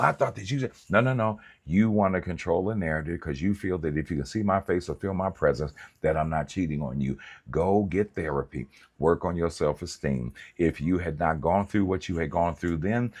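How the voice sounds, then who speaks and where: A man with a very low, husky voice preaches like he's telling stories to friends. He is animated and colloquial, and he drifts into comic asides. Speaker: pastor.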